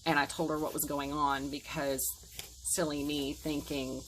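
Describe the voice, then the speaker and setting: A woman's voice: low-pitched, fairly even intonation, moderate pace, a little hiss or hum, poor audio. A woman in her forties telling a painful personal story to camera, earnest and emotional, acting out the things people said. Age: 40s. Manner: earnest, emotional retelling with quoted dialogue.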